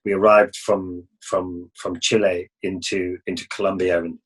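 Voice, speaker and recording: A man's voice: sits low, flat delivery, a little slow, breathy edge, poor audio. A middle-aged man, an interview guest, telling travel stories in a rambling way, full of restarts and acted-out exchanges. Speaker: interview guest, motorcycle adventurer. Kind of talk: casual interview storytelling.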